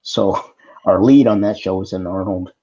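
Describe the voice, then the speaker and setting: Low mellow-voiced man telling set stories. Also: normal speed, husky, dull audio. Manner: storytelling with animated impressions. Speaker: actor guest. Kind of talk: casual anecdotes on a video call talk show.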